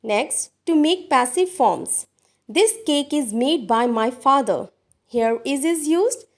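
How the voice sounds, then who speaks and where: A woman teaching grammar in a recorded lesson, speaking deliberately and addressing her viewers as dear students. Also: sits high, darkish tone. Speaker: English teacher.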